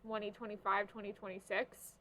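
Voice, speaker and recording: A woman's voice: medium pitch, a little fast, slight background noise. A young woman co-hosting a podcast, chatting casually with lots of "like" fillers. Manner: chatty, animated, many "like" fillers. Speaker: podcast co-host. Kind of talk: casual chat.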